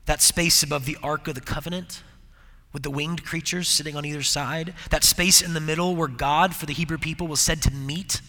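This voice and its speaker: A man giving a devotional sermon, reflective and earnest, often sinking to hushed tones to make a point. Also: fairly high pitch, fairly even intonation, brisk, long reverb tail. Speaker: preacher.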